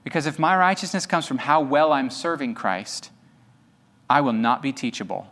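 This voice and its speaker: A man's voice: medium pitch, normal speed, fairly bright tone. A male pastor preaching an emphatic sermon, firing rhetorical questions at his congregation. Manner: talks straight to the congregation.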